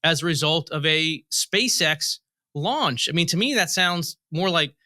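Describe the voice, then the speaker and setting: A man appearing as an interview guest who explains policy in a measured way, starting points with "look" and pausing on "uh". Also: on the high side, lively intonation, pushed and bright, no echo, clean studio sound. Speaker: guest, federal commissioner. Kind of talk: interview answers, storytelling.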